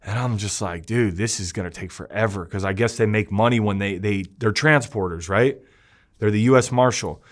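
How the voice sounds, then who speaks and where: A young man, an interview guest, telling a rough personal story in casual talk, acting out the voices he quotes and swinging from hushed to loud. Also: fairly low pitch, normal speed.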